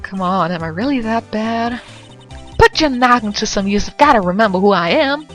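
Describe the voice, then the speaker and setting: A woman voicing a brash, pushy young photographer with a put-on Southern accent, loud and folksy. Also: mid-range voice, expressive, normal speed, faint music behind, pitched above the performer's own voice, lightly acted. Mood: brash, teasing.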